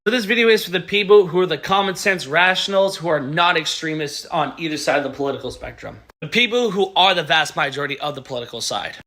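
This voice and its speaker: A man speaking an earnest, measured opinion monologue to camera, appealing for common ground. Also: sits high, pushed and bright. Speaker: commentator.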